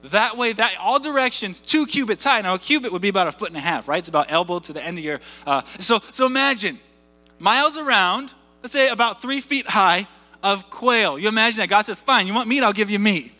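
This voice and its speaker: A man's voice: high-pitched, expressive, brisk, pushed and bright, long reverb tail, faint music behind. A man in his thirties preaching a sermon in a conversational way, repeating words and putting questions to his congregation. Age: 30s. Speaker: pastor.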